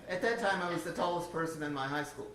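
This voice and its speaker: A woman's voice: sits low, fast, a bit bright, slight background noise. An older woman telling a chatty, personal testimony to a church, laughing often. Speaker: church speaker giving a testimony. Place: church sanctuary. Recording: roomy, distant church sound.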